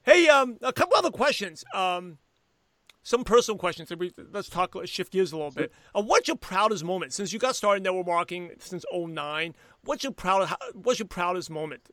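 A man's voice: sits high, lively intonation, fairly quick, bright, forceful tone, dry recording. A man hosting a podcast interview, asking questions hesitantly with fillers. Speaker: podcast host. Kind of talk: casual interview.

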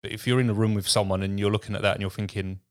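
A man's voice: fairly low pitch, flat delivery, racing, dry recording, clean studio sound. A man co-hosting a podcast, chatting casually and reacting with short agreements. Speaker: podcast co-host. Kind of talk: casual chat.

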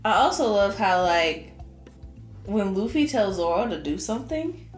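A woman's voice: medium pitch, measured pace. Chatty woman co-host in a roomy space. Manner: animated, chatty storyteller. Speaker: podcast co-host. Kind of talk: casual chat. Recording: roomy echo with faint music.

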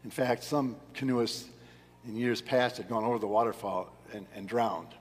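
A man's voice: mid-range voice, moderate pace, breathy edge. A man preaching a sermon as pastor, earnest and emphatic, pressing hard on key words. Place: church sanctuary. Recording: long church reverb.

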